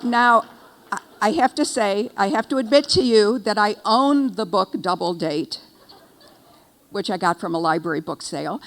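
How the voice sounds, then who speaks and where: An older woman speaking from an event stage, spinning a funny personal story with wry, animated timing. Her voice sits at a middle pitch for a woman. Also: moderate pace. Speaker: keynote speaker. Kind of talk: humorous storytelling speech.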